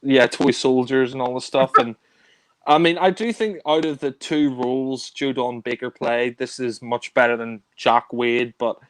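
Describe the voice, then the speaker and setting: A man's voice: medium pitch, steady tone, moderate pace, dry recording. A man casually reviewing spy films, rambling with many fillers and restarts. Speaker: film reviewer. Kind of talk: casual film discussion.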